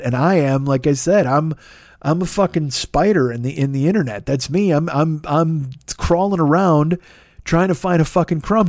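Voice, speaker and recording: A man's voice: fairly high pitch, a little mellow, dry recording, studio quality. A man hosting a podcast, ranting in an angry, sarcastic way and swearing constantly. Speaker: podcast host. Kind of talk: profane comedic rant.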